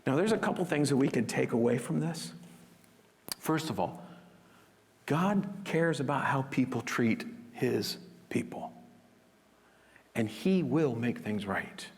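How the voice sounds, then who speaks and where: Lively preaching man in a reverberant hall. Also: mid-range voice, measured pace, long pauses. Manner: expressive preaching, drops to a hush for emphasis. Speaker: pastor. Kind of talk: sermon.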